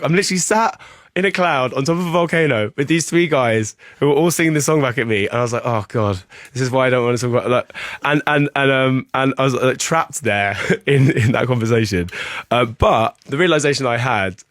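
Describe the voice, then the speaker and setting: Fast-talking man telling a rambling anecdote. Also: medium pitch, no echo, clean studio sound. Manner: rambling anecdote full of "like" and restarts. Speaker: musician guest. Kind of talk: casual storytelling in a podcast interview.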